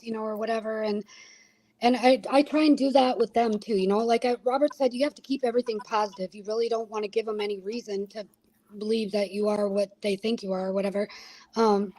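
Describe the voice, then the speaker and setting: A woman guest in a casual talk-show chat, speaking softly and haltingly. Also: on the high side, fairly even intonation, poor audio.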